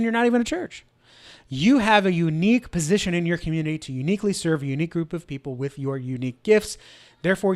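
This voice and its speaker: A middle-aged man hosting a church marketing show, talking energetically to camera with many rhetorical questions. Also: fairly high pitch. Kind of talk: instructional talk to camera.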